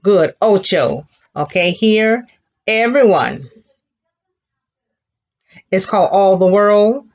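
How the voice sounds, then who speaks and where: A woman teaches a children's elementary Spanish class, patiently modeling words for the kids to repeat and praising them. Her medium-pitched, darkish voice is expressive and slow with frequent pauses, and the audio sounds dull.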